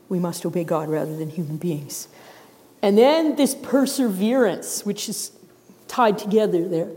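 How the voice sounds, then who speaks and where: A middle-aged woman preaching a sermon in a church, telling the story in a lively way and acting out the characters' voices. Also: mid-range voice, a little slow. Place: church sanctuary. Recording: long reverb of a large hall.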